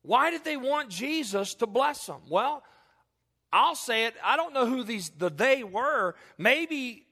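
A male pastor preaching an animated sermon, repeating phrases for emphasis and joking with his congregation, recorded in a church. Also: very high voice. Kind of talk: sermon with humorous asides. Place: church sanctuary. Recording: long reverb of a church hall.

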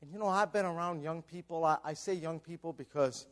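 A middle-aged man preaching a sermon in a church, swinging from loud bursts to near whispers. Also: on the high side, a little fast. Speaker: pastor. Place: church sanctuary.

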